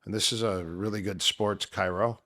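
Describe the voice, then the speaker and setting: A middle-aged man, a former fighter and coach, telling a story casually and acting out the voices of others, dropping quieter on grim parts. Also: on the low side, moderate pace. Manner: animated retelling that acts out quoted voices.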